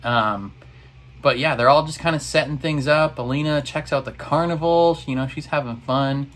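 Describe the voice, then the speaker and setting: A man's voice: fairly high pitch, normal speed, a bit bright. A man in a casual reaction video, recapping an episode in a rambling, exasperated way.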